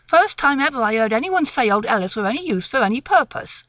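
A woman voicing a gruff, proud old country woodman near eighty, grumbling in rural dialect. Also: on the high side, very animated, quick pace, fairly bright tone, no room sound.

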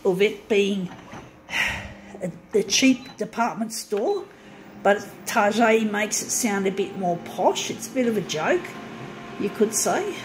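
A woman's voice: medium pitch, noisy background. A woman with an Australian accent who grumbles sarcastically and swears freely in a casual ranting monologue, talking to her viewers over a copier. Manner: profane, sarcastic griping. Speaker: vlogger. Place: room with a running copier.

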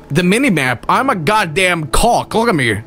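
A man's voice: high voice, very animated, unhurried, fairly bright tone, faint music behind. A man doing profane, mocking let's play commentary on bad games, laughing often. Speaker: streamer.

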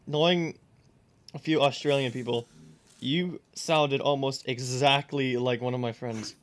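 A man's voice: medium pitch, fairly even intonation, a little slow. A young man playing a game on stream and joking with a friend, laughing often and swearing. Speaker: gamer streaming a playthrough. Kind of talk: casual gaming banter.

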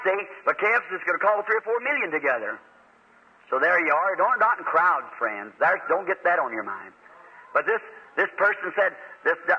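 Folksy earnest preacher guy, high husky voice, muffled old tape. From United States. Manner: earnest, folksy, rises to emphatic fervor. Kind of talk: sermon. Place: church meeting. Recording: dull lo-fi old tape recording.

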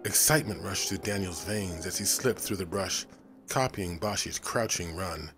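A man narrating a novel in a steady, even storytelling style, over faint music. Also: low-pitched, moderate pace. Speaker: audiobook narrator.

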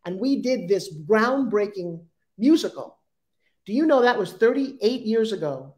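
A woman in her fifties with a Long Island accent tells her life story as an interview guest. She is animated and slips into the voices of the people in her stories. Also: mid-range voice, unhurried. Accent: Long Island New York.

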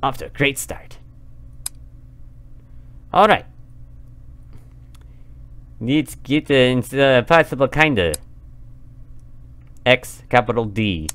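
A man's voice: mid-range voice, animated, slow pace, pauses often. Chatty man commenting on gameplay. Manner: chatty, laughing, talks at the game. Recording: noisy compressed recording.

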